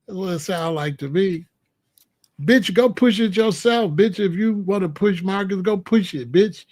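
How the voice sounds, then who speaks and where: A man hosting his own livestream, hitting back at the chat in a combative, profane rant. His voice sits fairly high for a man. He mocks viewers by mimicking them. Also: measured pace, darkish tone. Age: adult. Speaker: livestream host.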